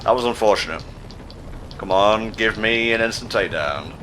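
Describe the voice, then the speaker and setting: A man with a lowish yet bright voice, playing through a game while trading deadpan, sarcastic jokes. He swears casually, and faint game sound hums underneath. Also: moderate pace, slight background noise. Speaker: player in a gameplay video. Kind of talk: casual gaming commentary.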